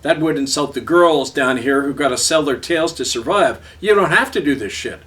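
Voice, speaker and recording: A man's voice: a little high, normal speed, a bit bright, natural voice. A man voicing an aged Cree street elder who speaks bluntly and matter-of-factly, heard from a distant mic.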